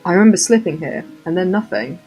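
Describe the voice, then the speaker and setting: Low-voiced woman narrating a story game. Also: quick pace, dark tone, faint music behind. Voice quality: wry, playful asides. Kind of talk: reading a visual novel aloud with asides.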